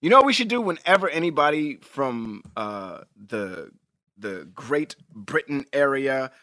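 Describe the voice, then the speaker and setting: A man co-hosting a podcast in casual chat, talking in an animated, emphatic way and swearing freely. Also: medium pitch, measured pace, no echo, studio quality. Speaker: podcast co-host.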